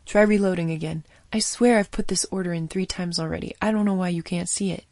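A woman's voice: on the low side, steady tone, quick pace, darkish tone, no room sound, natural voice. A woman voicing a rebellious young male doctor who talks in a snappy, impatient way.

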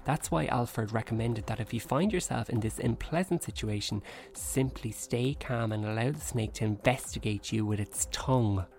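A man's voice: medium pitch, moderate pace, creaky, darkish tone. A man co-hosting a casual podcast, reading news aloud and breaking off into jokey asides. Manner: reads aloud with asides and laughter. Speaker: podcast co-host.

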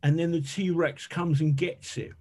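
A man's voice: fairly high pitch, fairly even intonation, measured pace, mellow, pitched above the performer's own voice. A man doing a brash, cheeky Essex woman. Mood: blunt teasing. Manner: blunt, cheeky teasing.

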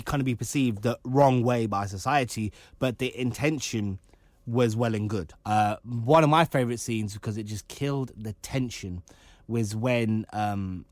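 A man chatting casually about a film, animated and laughing often. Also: mid-range voice, dry recording.

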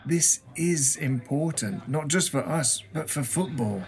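An actor playing a calm, formal male adviser who talks in a measured way. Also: on the high side.

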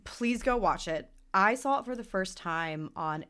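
A woman's voice: medium pitch, animated, a little slow, a bit bright, clear, resonant tone. A young adult woman co-hosting a podcast, chatting casually, earnest and emotional as she rambles with fillers. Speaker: podcast co-host. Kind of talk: casual chat.

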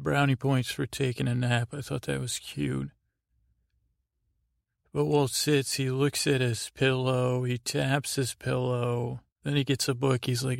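A man's voice: mid-range voice, vocal fry, dry recording, clean studio sound. A man hosting a sleep podcast, rambling through a show recap in a meandering, self-deprecating way. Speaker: podcast host.

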